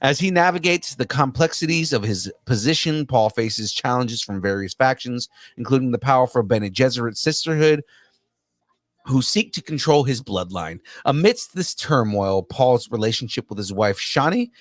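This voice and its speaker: A man's voice: mid-range voice, lively intonation, normal speed, no echo. A man co-hosting a casual podcast, reading news aloud and goofing around with silly voices. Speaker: podcast co-host.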